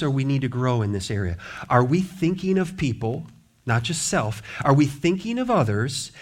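A middle-aged male pastor preaching a sermon in church. He talks earnestly and builds emphasis through repeated questions. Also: high voice.

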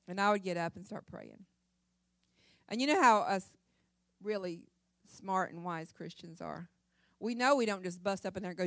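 With a medium pitch at normal speed, a middle-aged church speaker delivers her sermon testimony, telling her story emphatically and with drama. The sound is studio quality, with no echo.

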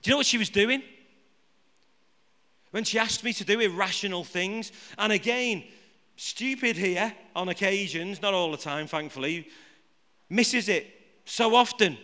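A man's voice: sits high, a little slow, pauses often, sharp tone. A man preaching a live sermon to a congregation. He jokes with the room and keeps asking it rhetorical questions. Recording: reverberant hall.

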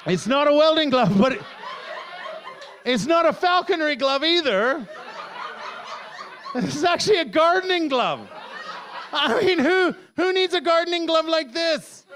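A middle-aged man performing a rambling, self-heckling stand-up set, now and then bursting into shouts. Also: extremely high pitch, lively intonation, measured pace, pauses often, slight background noise. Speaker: stand-up comedian.

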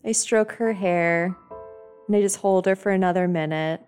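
A woman's voice: on the low side, normal speed, a little mellow, smooth, faint music behind. A woman playing a tabletop game, speaking emotionally in character as a mother. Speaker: player. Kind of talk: tabletop role-play.

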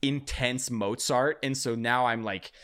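Animated man telling a wild story. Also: medium pitch, unhurried. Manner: animated, profane, acts out quotes loudly. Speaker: podcast guest. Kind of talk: casual storytelling.

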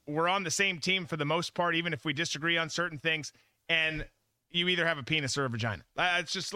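Bright, high-pitched male host. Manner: emphatic, repeats himself for stress. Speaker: podcast host. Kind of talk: casual opinionated chat.

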